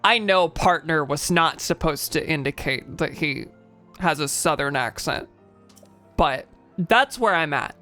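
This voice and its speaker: A woman's voice: low-pitched, animated, unhurried, pushed and bright, faint music behind. A young adult woman streamer giving casual gaming commentary with chatty, wry asides.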